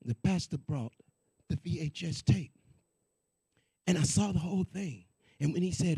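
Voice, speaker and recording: High gravelly preacher telling a testimony. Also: male voice, moderate pace, long pauses, dry recording. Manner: animated, repetitive, conversational preaching. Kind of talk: sermon testimony storytelling.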